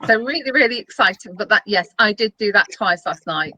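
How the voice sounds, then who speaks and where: A woman's voice: mid-range voice, expressive, fairly quick, bright, forceful tone, no room sound, poor audio. A woman co-hosting a casual web show, chatting in a rambling way with plenty of fillers. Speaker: co-host.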